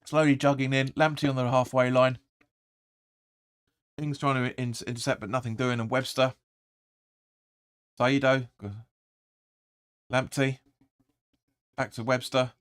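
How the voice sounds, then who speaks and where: A man's voice: mid-range voice, level tone, unhurried, long pauses, clean tone, dry recording, clean studio sound. Man doing rambling football watch-along commentary. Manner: rambling, restarts often, erupts when urging players. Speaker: fan channel host.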